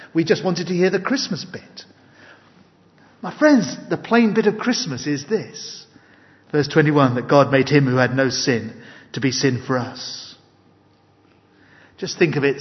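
An earnest man delivering a sermon with a slightly raised pitch, pressing his points with emphasis and weaving in personal anecdotes. His voice carries a long reverb tail through a church hall, heard on a muffled recording. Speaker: preacher.

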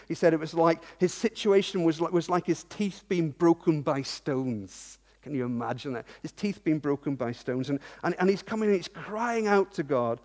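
A man's voice: high-pitched, darkish tone. A man preaching a sermon in earnest, asking many rhetorical questions and repeating words as he goes. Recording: long reverb of a large hall.

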